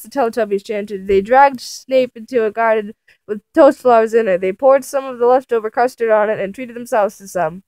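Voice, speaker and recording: A woman's voice: on the high side, unhurried, darkish tone, no room sound, rough recording. Giggly woman reading fanfic aloud. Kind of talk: comic dramatic reading.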